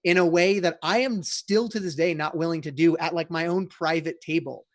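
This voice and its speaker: Man, podcast guest, casual chat, rambling, filler-heavy, slightly high, dry close sound. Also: fairly quick, no echo. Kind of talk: casual round-table chat.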